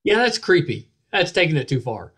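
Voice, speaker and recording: A middle-aged man hosting a casual podcast interview, chatty and quick to laugh. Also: on the high side, very animated, a bit bright. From West Virginia. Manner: chatty, laughs often, repeats words. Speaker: podcast host.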